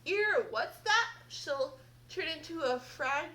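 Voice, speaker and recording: A girl reading a storybook aloud voices a half-deaf female fairy who mishears and asks loudly. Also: high voice, expressive, slow pace, pitched above the performer's own voice, heavily acted. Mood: puzzled. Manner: loud, puzzled, mishearing.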